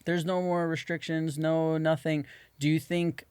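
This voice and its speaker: A man's voice: on the high side, little pitch movement, a little slow, a little mellow, clear, resonant tone, dry recording. A man co-hosting a podcast in casual chat, asking a guest questions and answering with short agreeing replies. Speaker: podcast co-host.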